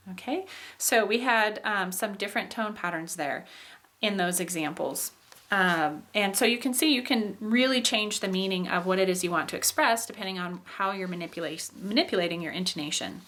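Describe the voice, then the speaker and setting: A woman teaching in a patient, explanatory way, pausing on "um" and checking in with "okay." She shows examples by exaggerating how her voice swoops up and drops down. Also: mid-range voice, fairly bright tone. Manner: demonstrates phrases with exaggerated rises and falls. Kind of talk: explaining English intonation.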